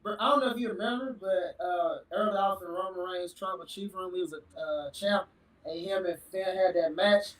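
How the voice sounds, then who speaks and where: A man guest on a casual podcast, telling wrestling stories with hyped, animated enthusiasm. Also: high-pitched, moderate pace, echoey room, far from the mic, low-quality recording. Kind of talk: casual chat.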